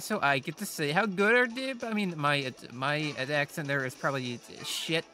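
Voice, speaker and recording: Male let's-play host, slightly high voice, rambling self-deprecating gameplay chatter over faint game music. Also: sing-song, brisk, hardly any pauses, pushed and bright. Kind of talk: casual gameplay commentary.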